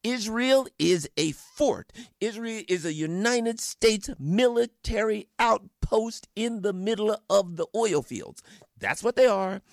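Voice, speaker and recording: A middle-aged man delivers furious political commentary, his voice leaping up and down with animated force. He speaks a little higher than most men and hammers his points home with rhetorical questions. The sound is dry and close. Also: takes it slowly, gravelly, dry recording. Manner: fiery, emphatic, rhetorical questions and mocking quoted voices. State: angry. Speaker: radio guest commentator.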